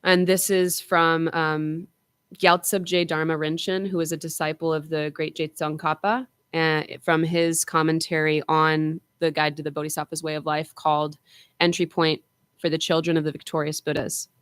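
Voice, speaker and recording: A woman minister giving an informal Buddhist dharma talk to a congregation, conversational, with frequent fillers and slowing down for emphasis. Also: low voice, flat delivery, smooth, dry recording.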